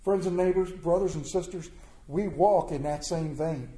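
A man's voice: on the high side, normal speed, dark tone. A middle-aged man preaching a sermon in a folksy, plainspoken way, putting questions to his congregation. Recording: echoey room.

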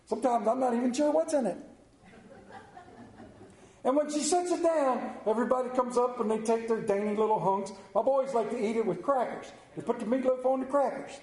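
High-voiced preacher in an echoey church. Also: male voice, brisk, mellow. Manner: folksy storytelling, asking the congregation questions. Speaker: pastor. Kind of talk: sermon. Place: church sanctuary.

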